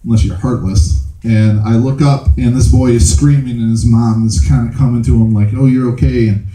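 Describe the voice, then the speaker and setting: A man's voice: medium pitch, moderate pace. Man telling a comic story on stage. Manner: laughs through his own story, animated. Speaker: storytelling comedian. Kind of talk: stand-up storytelling. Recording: echoey room with faint noise.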